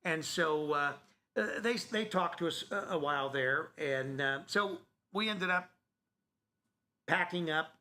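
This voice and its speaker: High, bright-voiced talkative man. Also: a little slow. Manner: rambling, repeats "so anyway", frequent restarts. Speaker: co-host, sports announcer. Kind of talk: casual storytelling chat.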